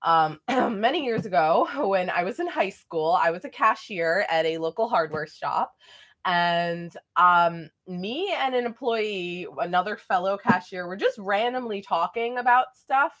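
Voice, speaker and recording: A woman's voice: mid-range voice, expressive, a little slow, a bit bright. A young woman vlogger chatting casually through a storytime, rambling with lots of fillers.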